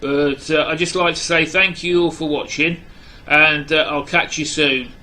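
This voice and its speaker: An Englishman with an English accent and a fairly high, bright, forceful voice. He talks casually to camera about music, blunt and opinionated, and rambles with lots of fillers and restarts. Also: steady tone, a little slow, low-quality recording. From England. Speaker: music vlogger. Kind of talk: casual video chat to camera.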